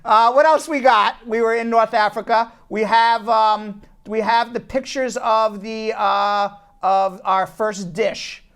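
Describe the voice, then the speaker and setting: A man's voice: sits high, fairly even intonation, slow, few pauses, fairly bright tone, clear, resonant tone. A man hosting a casual talk show from a law office, telling stories animatedly and often repeating words as he restarts. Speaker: host, immigration attorney.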